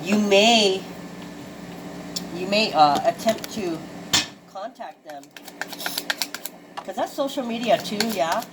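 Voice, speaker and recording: A woman in the middle of a casual tarot reading, speaking in a chatty way and cursing easily as she reacts to each card. Her pitch sits mid-range for a woman. A steady background noise runs under her voice throughout. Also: takes it slowly, pauses often. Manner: chatty, swears freely, exclaims at the cards.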